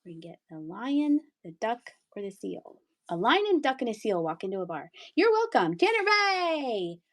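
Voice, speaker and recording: Woman, middle-aged, live-stream seller, giggly, sing-song, animated voice. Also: a little high, moderate pace. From Pennsylvania. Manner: chatty, playful, giggly, sing-song asides. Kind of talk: casual live-sale chat.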